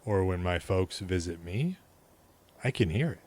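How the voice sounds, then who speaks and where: A man's voice: deep voice, animated, unhurried, a little mellow. A man from the American Midwest, co-hosting a podcast, who explains his view in a matter-of-fact way in casual chat. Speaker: podcast co-host.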